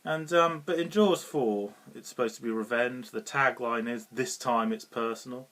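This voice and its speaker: A man's voice: mid-range voice, moderate pace, a bit bright. A British man giving a casual, rambling film review, often chuckling and restarting his sentences. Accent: British English. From Britain.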